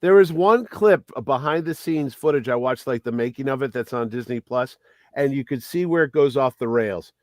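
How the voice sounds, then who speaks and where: A man's voice: medium pitch, moderate pace, dry recording. A man co-hosting a casual chat, telling stories and acting out quotes. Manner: storytelling, acts out quotes.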